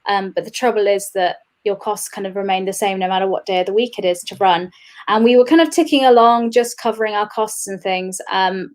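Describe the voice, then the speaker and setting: A young woman chatting as an interview guest. She talks easily, laughs often and fills gaps with "um" and "uh". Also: medium pitch. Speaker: guest, games industry administrator. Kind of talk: casual interview chat.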